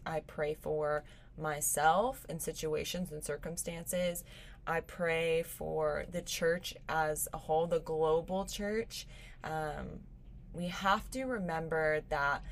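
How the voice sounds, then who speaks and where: A woman's voice: low voice, a little hiss or hum. A young woman hosting a faith podcast, speaking earnestly and encouragingly in a casual, heartfelt way. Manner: earnest and encouraging, gets teary and laughs. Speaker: podcast host. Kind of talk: casual devotional podcast talk.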